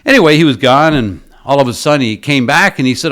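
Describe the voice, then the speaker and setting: A male business coach tells a story in a motivational talk. His voice sits at an ordinary middle pitch but swings up and down with a lot of life. He keeps asking his listeners rhetorical questions. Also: expressive, fast, few pauses, a bit bright.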